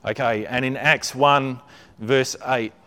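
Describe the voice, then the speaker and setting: Smooth-voiced preacher, conversational. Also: male voice, mid-range voice, fairly even intonation, slow pace, bright, forceful tone. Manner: chatty, checks in with listeners often; repeats words while building a point. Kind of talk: conversational sermon.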